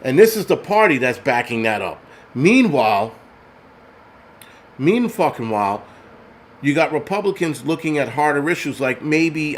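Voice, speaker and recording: Ranting to camera, a man vents at his viewers in a casual, angry, profane and rambling way. His voice is medium-pitched, and a faint hiss or hum runs under the recording.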